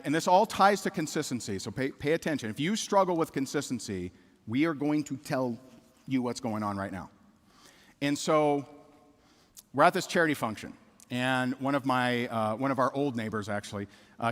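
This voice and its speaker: The middle-aged man's voice sits in the mid-range and sounds a bit bright as he delivers a motivational keynote. His personal story features candid repetition, he questions the audience, and the hall is reverberant.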